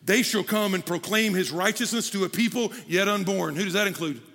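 Man, pastor, high bright voice, animated sermon, hall reverb. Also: fairly quick. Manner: animated preaching, jokey asides to the crowd. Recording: long hall reverb from a large room.

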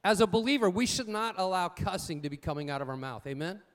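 High-voiced pastor preaching folksy sermon. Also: male voice, lively intonation, quick pace. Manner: folksy storytelling with call-and-response "amen?"; humorous, repeats key points.

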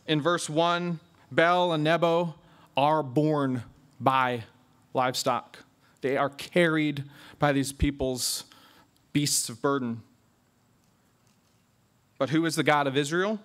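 An emphatic preacher, a man with a fairly high voice. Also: fairly bright tone. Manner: emphatic, drawn-out stresses on key words. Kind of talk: expository sermon.

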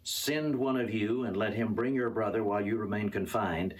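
A man's voice: lowish voice, normal speed, lightly acted. A man reading as a stern accusing governor. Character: Joseph, stern disguised governor accusing his brothers.

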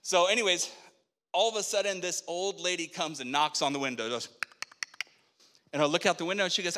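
A middle-aged man telling a personal faith story as a sermon, animated, acting out the dialogue of the people in it. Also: high-pitched, fairly quick. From Spokane, Washington, USA. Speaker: preacher telling his testimony. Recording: long echo of a hall.

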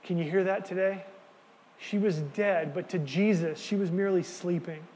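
A man preaching a sermon, earnest and emphatic, dropping to quiet words for key lines. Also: high voice, steady tone, moderate pace, big-room sound. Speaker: pastor.

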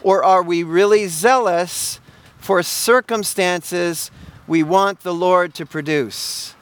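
A man's voice: high voice, takes it slowly, smooth. A male pastor preaching a sermon, asking emphatic rhetorical questions and often repeating words.

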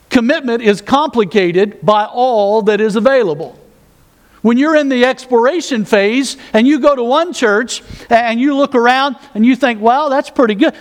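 High-voiced man preaching a sermon. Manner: conversational, with self-mocking asides and repeated words. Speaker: pastor.

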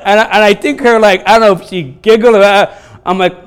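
A man preaching a sermon as pastor, telling stories in a lively, conversational way from a church stage. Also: sits high, a little fast, smooth. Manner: storytelling, animated and laughing during funny stories. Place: church sanctuary.

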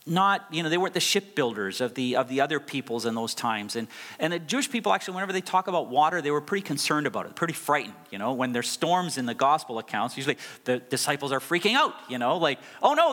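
This is a middle-aged pastor delivering a sermon, hammering home key phrases by stressing and repeating them. He has a slightly high, rather bright voice, and the recording carries the long echo of a big hall.

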